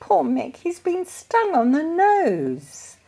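A woman's voice: on the high side, steady tone, moderate pace, creaky, warm tone, voice pushed up. A woman voicing a tender-hearted young boy in a children's storybook reading, sounding pleading and sympathetic.

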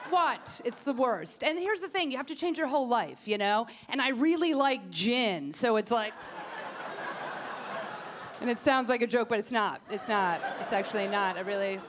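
A woman's voice: high voice, noisy background. A woman comedian doing a stand-up set in a comedy club, ranting with sarcastic exasperation on a stage mic.

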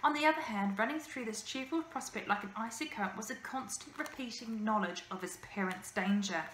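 Expressive woman reading a children's book. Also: on the high side, fairly quick, slight background noise. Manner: lively, expressive storytelling. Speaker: teacher. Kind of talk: reading a children's novel aloud. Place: school room. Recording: echoey room, faint ambience.

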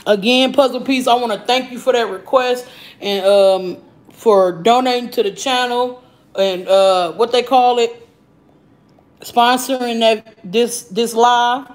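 Casting note: woman livestream host, brash, profane, higher-pitched voice, talking to chat. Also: measured pace, rough recording. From Arizona. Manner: loud, profane, animated, reading and answering chat comments. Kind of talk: casual live-stream chat. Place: home.

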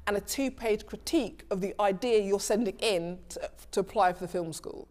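A woman from London with a London accent, speaking at a medium pitch. She tells her story as a relaxed interview guest. She laughs often and acts out bits of dialogue in different voices. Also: normal speed. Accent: London English. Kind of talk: casual conversational storytelling.

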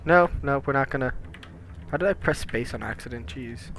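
A man's voice: mid-range voice, moderate pace, fairly bright tone. A man casually commentating as he plays a puzzle game, reading its text aloud in silly voices and joking between moves. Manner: reads the game's lines aloud in put-on voices, jokey asides. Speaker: let's play gamer.

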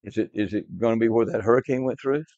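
A man's voice: medium pitch, fast talker, a little mellow, dry recording. Guy teacher doing a bible bit for his class, keeps repeating stuff and asking questions, muffled lo-fi sound. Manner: emphatic, repeats key words, quizzes the class. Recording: dull lo-fi, dry.

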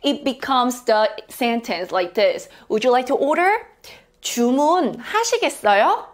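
Young Korean-accented woman, upbeat online teacher with a high, bouncy voice. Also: expressive. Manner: cheerful, repeats words slowly for practice. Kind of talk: online language lesson.

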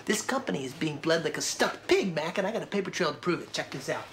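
A man's voice: fairly high pitch, sing-song, quick pace, a bit bright, slight background noise. An actor playing a frantic, paranoid male mailroom clerk who rants in a rambling way in a sitcom. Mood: manic. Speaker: mailroom worker. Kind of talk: sitcom acting.

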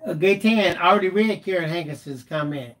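A man co-hosting a live stream, relaxed and teasing as he reads viewer comments aloud. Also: high voice, brisk. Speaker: co-host reading viewer comments. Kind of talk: casual live-stream banter.

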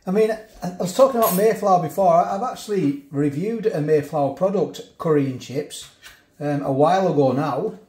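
A man's voice: fairly high pitch, warm tone, distant mic, slight background noise. Chatty man in an echoey room. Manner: chatty, eats while talking, restarts. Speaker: food reviewer. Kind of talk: casual food review vlog.

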